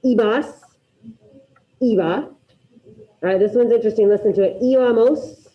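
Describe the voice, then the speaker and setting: A woman teaching a class, drilling her students through repetition and quizzing them with quick questions in an upbeat way. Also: a little high, lo-fi sound. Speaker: Spanish teacher. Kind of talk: classroom grammar lesson.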